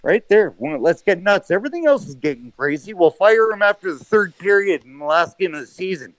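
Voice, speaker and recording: Profane rambling male caller, high-pitched. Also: animated, brisk, no echo. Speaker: call-in caller. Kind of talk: rambling casual rant. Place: small room at home. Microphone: phone or headset mic at home.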